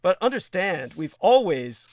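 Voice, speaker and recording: A man's voice: sits high, big pitch swings, unhurried. A man hosting a livestream, talking in a digressive, crude and emphatic way with many restarts. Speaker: livestream host. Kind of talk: rambling livestream talk.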